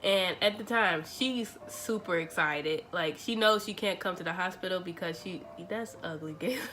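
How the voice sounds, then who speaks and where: A woman's voice: lowish voice, normal speed, slight background noise. Chatty young woman telling a story. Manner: chatty, animated retelling with quoted dialogue. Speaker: vlogger. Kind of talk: casual storytelling.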